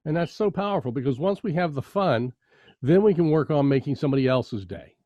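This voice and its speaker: A man's voice: fairly high pitch, expressive, brisk, warm tone, no echo. Emphatic man, dry dull-sounding mic. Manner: enthusiastic storyteller, emphatic. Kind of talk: casual interview chat.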